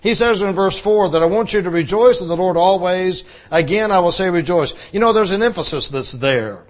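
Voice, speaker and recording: A man's voice: sits high, fairly quick. A male pastor preaching a conversational sermon, repeating phrases for emphasis.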